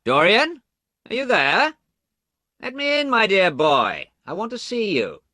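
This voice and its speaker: A worldly gentleman who coaxes and presses his young friend, pitched well above the reader's own voice, as a male narrator puts him on. The pitch swings widely from line to line, and the sound is dry and close. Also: wildly swooping pitch, unhurried, no room sound, heavily acted. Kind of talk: audiobook character reading.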